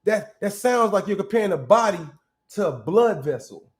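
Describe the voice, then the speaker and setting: A man with a high-pitched voice hosts a casual reaction commentary. He argues bluntly and with plenty of profanity, doubling back and restarting his sentences as he works through each point. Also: very animated, normal speed. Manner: blunt, profane, argumentative, restarts mid-thought. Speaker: commentary show host.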